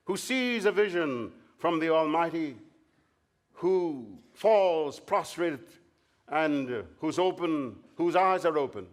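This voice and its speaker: Preacher, male, fairly high-pitched, story-driven sermon delivery with acted-out dialogue. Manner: storytelling, acts out dialogue in different voices. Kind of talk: Bible study sermon. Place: large meeting hall or tent.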